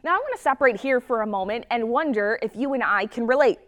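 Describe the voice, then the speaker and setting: A woman's voice: on the high side, expressive, fast talker. A woman preacher giving a sermon, earnest and reflective, often asking the listener rhetorical questions.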